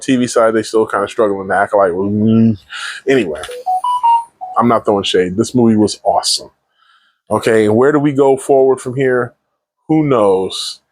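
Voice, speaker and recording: An excited man talks through a movie review in a loose, rambling way, circling back and restarting sentences. His voice sits at an everyday middle pitch. The sound is dry and close. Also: no room sound. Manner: enthusiastic, rambling with frequent restarts. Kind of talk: casual solo movie review.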